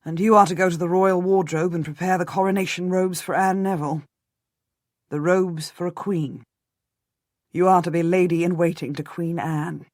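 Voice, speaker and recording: A woman reading an audiobook voices a guarded, middle-aged noble husband speaking in a measured, matter-of-fact way. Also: fairly low pitch, fairly even intonation, a little mellow, no room sound, studio quality, close to an everyday voice.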